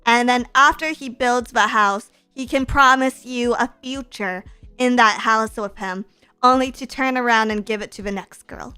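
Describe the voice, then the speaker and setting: Woman streamer, bright and sharp-toned, excitable and playfully sarcastic while reading donations. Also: a little high, measured pace, clean tone, soft background music. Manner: giggly, excitable, bursts into shrieking laughs. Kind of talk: casual live-stream chat.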